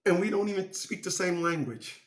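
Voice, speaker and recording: A man's voice: high-pitched, animated, fairly quick. A man giving a motivational monologue who speaks emphatically and repeats phrases to drive his points home.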